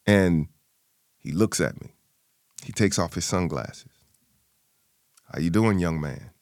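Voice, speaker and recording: Middle-aged male guest, lively low voice, dry close sound, acts out family voices. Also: slow pace, dry recording. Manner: animated storyteller, acting out family voices. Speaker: interview guest. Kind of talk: personal storytelling in an interview.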